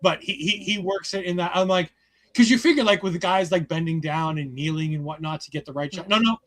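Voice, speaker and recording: A man with a noticeably high-pitched voice talks in an excited, rambling way. He swears freely and leans on fillers as he chats casually through a review. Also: brisk. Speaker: podcast co-host reviewing a wrestling show.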